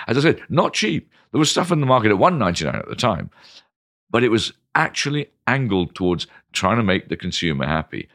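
An older British man, a guest in an interview, telling lively anecdotes full of ums and restarts. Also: on the low side, brisk, no room sound, studio quality. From Britain. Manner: animated, lots of ums and restarts. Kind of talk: anecdotal storytelling.

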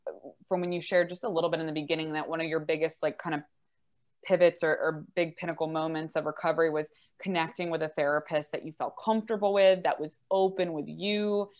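A woman's voice: low-pitched, steady tone, fast talker. A woman hosting a podcast, asking long rambling questions full of fillers. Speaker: podcast host. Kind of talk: casual interview chat.

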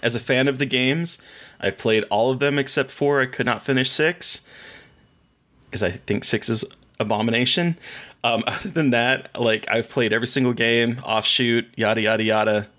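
A man's voice: mid-range voice, steady tone, moderate pace, fairly bright tone. A man co-hosting a podcast, chatting casually about films and shows, rambling and enthusiastic with many restarts. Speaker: podcast co-host.

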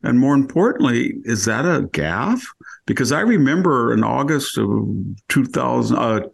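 A man's voice: medium pitch, big pitch swings, moderate pace, creaky, slightly rough. A man giving argumentative opinion commentary on a podcast, firing off rhetorical questions and often restarting his sentences. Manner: frequent restarts and self-corrections. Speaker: podcast regular.

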